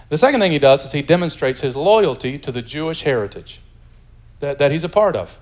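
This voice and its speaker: A pastor from the United States preaching a sermon in a lively, joking, conversational way. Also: male voice, mid-range voice, fairly quick.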